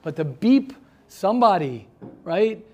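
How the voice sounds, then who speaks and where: A rabbi with a high voice speaks a little slowly while leading a seminar. He tells stories to motivate a small group, addressing listeners by name with animation and repeating words for emphasis.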